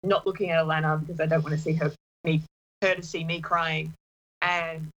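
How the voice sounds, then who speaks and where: A woman telling a personal story in casual chat, halting, with many restarts. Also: low-pitched, little pitch movement, muffled recording. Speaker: partner sharing a personal story.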